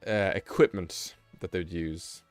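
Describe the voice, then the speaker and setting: A man's voice: low-pitched, slow, dry recording, faint music behind. A man hosting a live stream, reading text aloud in a rambling, offhand way and breaking off for casual asides. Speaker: livestream host.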